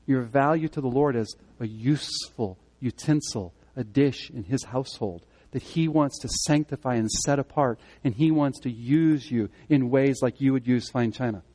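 A man giving a sermon as pastor, speaking conversationally and swinging between loud emphatic moments and quiet earnest ones. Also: mid-range voice, moderate pace, few pauses. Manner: conversational preaching, rising and falling in emphasis.

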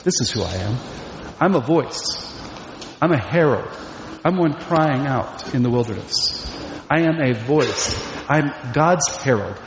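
A man's voice: mid-range voice, expressive, measured pace, noisy background. A man preaching a sermon as pastor, emphatic and full of rhetorical questions. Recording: echoey hall, dull lo-fi sound.

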